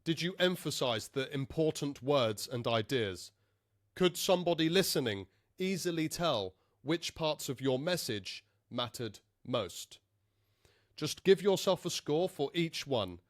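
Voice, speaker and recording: A man teaching English speaking skills straight to the viewer, calm and deliberate, stressing key words clearly. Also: on the high side, no echo, clean studio sound. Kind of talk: direct-to-camera teaching.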